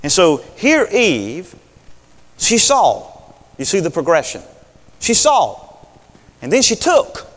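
A preacher delivering a sermon, folksy and animated, his voice climbing high and swooping widely. The sound carries the long echo of a big hall, and he keeps asking for amens. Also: slow pace, pauses often.

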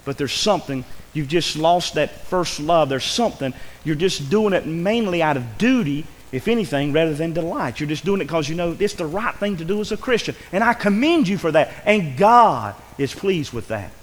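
Earnest preacher in a reverberant church. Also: male voice, on the high side, expressive, normal speed, hardly any pauses. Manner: earnest, pleading, rising with emotion. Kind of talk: sermon. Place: church sanctuary.

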